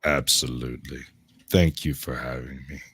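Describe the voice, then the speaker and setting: A man with a Southern US accent, a livestream guest telling stories in a laid-back, drawn-out way. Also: rumbling low, steady tone, bright, forceful tone, slightly rough, no echo, studio quality. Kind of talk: casual chat.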